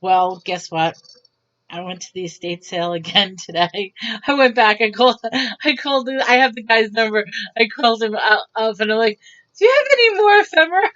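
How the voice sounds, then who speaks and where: This time her voice is mid-range and her pace moderate as she casually rambles through a story, acting out quotes with plenty of energy. It's captured in dull, lo-fi sound.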